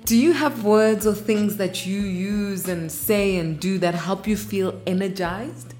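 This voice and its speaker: A woman's voice: mid-range voice, a little slow, darkish tone, soft background music. A woman in her thirties, from South Africa, hosting a podcast in an upbeat, chatty monologue. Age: 30s. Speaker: podcast host.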